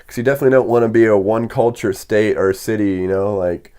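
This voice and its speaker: A man's voice: on the low side, fast talker, dark tone, smooth. A young man who works on film sets, talking as a podcast guest in an easygoing, chatty way. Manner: easygoing, chatty, filler-heavy. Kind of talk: casual conversation.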